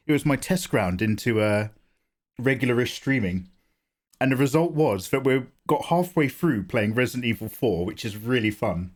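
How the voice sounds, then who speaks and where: A man, slightly hoarse from a cough, casually chatting and joking with viewers while he draws on a live stream. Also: medium pitch. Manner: chatty, joking, greets chat by name. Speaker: art streamer.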